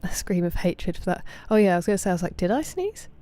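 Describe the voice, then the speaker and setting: A woman, casually chatting with viewers on a game stream, thanking them by name and sometimes dropping to soft murmurs. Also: lowish voice, fairly even intonation, very fast, clean tone. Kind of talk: casual livestream chat.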